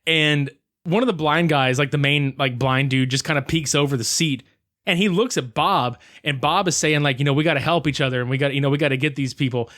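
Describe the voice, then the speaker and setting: A man's voice: a little high, brisk, fairly bright tone, no room sound, studio quality. A man co-hosting a podcast, making sarcastic, profane remarks about a cult movie. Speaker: podcast co-host. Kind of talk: casual movie review chat.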